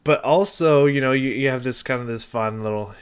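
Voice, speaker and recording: A man's voice: medium pitch, fairly quick, smooth. A man casually breaking down a song as a reaction host, rambling and thinking aloud with many restarts and fillers. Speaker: music reaction youtuber.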